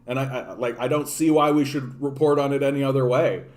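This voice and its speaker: A man's voice: mid-range voice, a little fast. Profane ranting man, restless delivery. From Canada. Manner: profane, animated, repeats and restarts words. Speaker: political livestream host. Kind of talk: casual ranting commentary.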